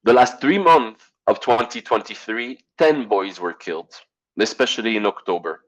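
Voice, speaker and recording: A man giving an online presentation over a video call, halting with fillers and clearing his throat as he loses his voice. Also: fairly low pitch, rough recording. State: losing his voice.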